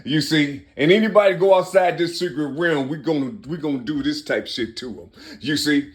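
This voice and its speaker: A man in his fifties delivering an impassioned, rambling monologue, swinging between loud bursts and low mutters and repeating himself. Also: normal speed.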